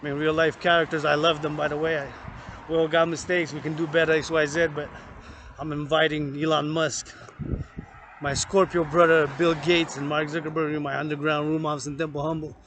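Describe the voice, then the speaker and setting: A man's voice: fairly high pitch, flat delivery, a little fast, a bit bright, slight background noise. A man in his thirties, a fitness vlogger, talking in a rambling, profane monologue that jumps from topic to topic.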